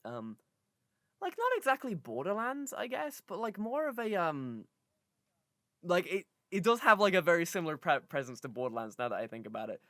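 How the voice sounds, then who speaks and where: A young man chatting on a live stream in a bright, tense voice with lively swings in pitch. He rambles, restarting sentences and filling gaps with "like" and "um". The sound is close and dry on a desk mic. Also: normal speed, no echo. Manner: rambling, many fillers and restarts. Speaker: podcast co-host and streamer. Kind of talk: casual chat on a live stream.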